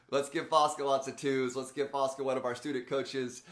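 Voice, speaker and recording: A male host, a transformational speaker and coach, talks unscripted on a live stream from an echoey, empty room in a new house being turned into a studio, framed by camera. His bright, medium-pitched voice is fairly even and a little slow, and he's chatty and rambling, laughing often and greeting viewers by name.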